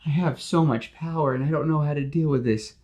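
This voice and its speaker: A man's voice: fairly high pitch, brisk, a little mellow, pitched above the performer's own voice, natural voice. A man voicing a timid, nervous man who stammers and feels overwhelmed. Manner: stammering, anxious.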